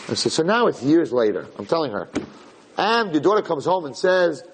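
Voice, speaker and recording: A man's voice: a little high, big pitch swings, moderate pace, a little hiss or hum, poor audio. A man, a rabbi, giving a storytelling Torah lecture and acting out the dialogue with animation.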